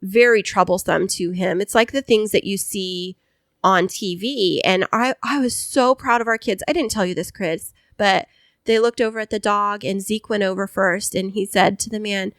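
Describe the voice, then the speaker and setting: A woman's voice: medium pitch, normal speed, no room sound. Chatty woman telling a story, dry sound. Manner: animated storyteller acting out quoted voices. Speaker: podcast co-host. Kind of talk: casual storytelling chat.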